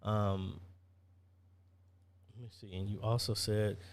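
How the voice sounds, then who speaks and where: A man's voice: fairly low pitch, little pitch movement, slow pace. A man hosting a casual live-stream Q&A, chatty, reading viewer comments aloud and answering them.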